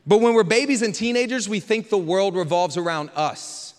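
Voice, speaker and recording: A man's voice: sits high, animated, moderate pace, big-room sound. A man preaching a casual, joking sermon as pastor and calling on the crowd for amens. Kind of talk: lively sermon.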